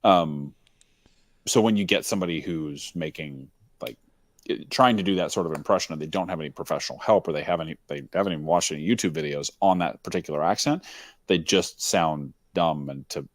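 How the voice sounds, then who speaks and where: Deep-voiced Texan man chatting. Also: fairly quick, no echo. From Texas. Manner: rambling, laughs often. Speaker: game developer and host. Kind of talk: casual chat on a call.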